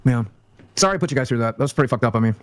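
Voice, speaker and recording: Male streamer, mid-pitched, dry sound, rambling and opinionated. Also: lively intonation, very fast, dry recording. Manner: rambling, many fillers, casual swearing.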